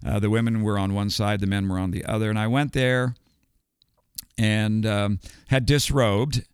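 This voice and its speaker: A man's voice: lowish voice, steady tone, normal speed, smooth, no echo, clean studio sound. An older man, a guest and retired educator, telling a story casually with many ums and restarts. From United States.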